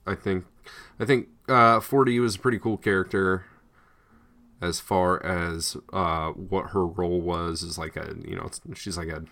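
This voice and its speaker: A male podcast co-host rambles in casual chat, hesitant and full of fillers and restarts. His voice is low-pitched and fairly bright, with fairly even intonation at normal speed.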